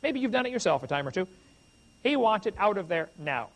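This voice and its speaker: High-voiced folksy preacher man. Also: a little fast. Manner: animated, humorous, addresses the crowd directly. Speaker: evangelist preacher. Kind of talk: folksy storytelling sermon.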